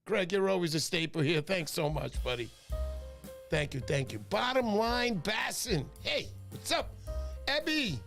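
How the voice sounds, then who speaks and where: A middle-aged man hosting a fishing livestream in a high, lively voice that swings up and down. He is exuberant and loud and shouts out names, with faint music behind him. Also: unhurried, gravelly. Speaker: fishing show host. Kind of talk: excitable livestream chat.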